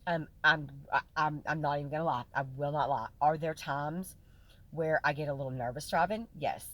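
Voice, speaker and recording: A woman's voice: deep voice, normal speed. A woman vlogging casually to her followers, chatty and folksy, often swinging between laughing and tearful. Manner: chatty, folksy, lots of fillers and "y'all". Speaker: vlogger sharing her health journey. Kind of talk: casual direct-to-camera chat.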